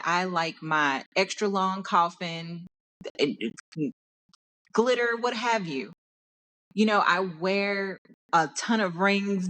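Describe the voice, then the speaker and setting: A young Texan woman hosts a personal podcast and speaks openly and with feeling. She often stumbles and restarts mid-sentence as she works through her thoughts, in a voice of middling pitch. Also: fairly bright tone. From Dallas, Texas. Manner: candid and passionate, restarts often. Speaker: podcast host. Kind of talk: personal monologue.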